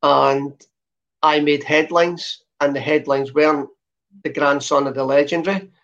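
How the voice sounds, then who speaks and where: A man from Scotland in his fifties, formerly a footballer, speaks unhurriedly with a softened Glasgow accent as a guest in a relaxed interview, storytelling chattily with many "uh" fillers. His pitch is fairly high and his intonation fairly even. The recording has a dull, lo-fi quality.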